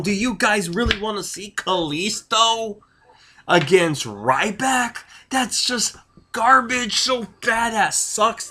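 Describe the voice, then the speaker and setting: A man ranting in a vlog, his voice pitched a little high. He rambles hotly, piling emphasis on emphasis, with the odd curse thrown in. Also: fairly bright tone. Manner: heated, rambling, profane, emphatic. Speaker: wrestling vlogger.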